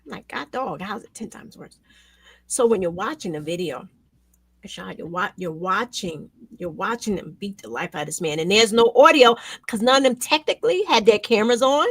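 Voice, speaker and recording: A woman hosts a talk show and speaks with raw emotion. Her voice swings from intense, loud outbursts to hushed lows. The sound is dry and close. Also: expressive, fairly quick, slightly rough, dry recording. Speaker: show host. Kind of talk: emotional commentary chat.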